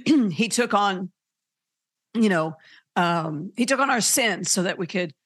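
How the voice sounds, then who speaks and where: A podcast host teaching faith in a loose, preachy way. The delivery is earnest and animated, with frequent fillers and restarts, in a mid-range voice. The recording is dry and close, with no room sound. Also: medium pitch, slow pace, no echo. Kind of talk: informal preaching.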